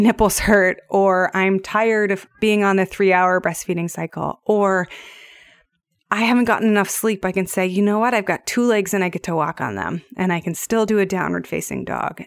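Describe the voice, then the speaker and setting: Gentle, earnest woman podcaster. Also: medium pitch, dry recording. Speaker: podcast host. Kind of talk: reflective solo podcast talk.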